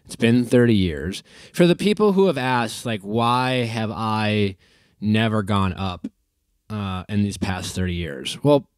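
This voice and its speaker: A man in his forties hosting a podcast from a hotel room, telling a personal story in an easygoing, halting way with frequent restarts. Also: lowish voice, expressive, clean tone, no room sound, studio quality. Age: 40s. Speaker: podcast host. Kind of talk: casual podcast chat.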